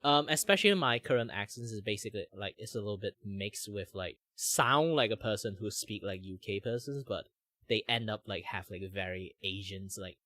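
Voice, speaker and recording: A man's voice: brisk, no room sound. A man from Malaysia with a Malaysian accent, whose first language is Chinese, chatting casually as a vtuber streamer. He talks loosely with many fillers. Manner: switches between a higher voice and a deep relaxed voice. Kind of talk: casual chat.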